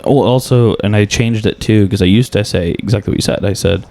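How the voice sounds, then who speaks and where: A man's voice: lowish voice, a little fast, mellow. A comedian in casual chat, candidly and profanely critiquing his own stand-up set. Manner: candid, swearing, self-critical. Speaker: comedian guest.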